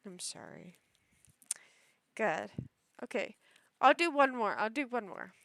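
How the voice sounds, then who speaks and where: A woman's voice: on the high side, big pitch swings, slow, creaky, a bit bright, dry recording. A young woman chatting casually to her viewers, gushing and squealing over cute little things. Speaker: vlogger. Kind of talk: casual chat.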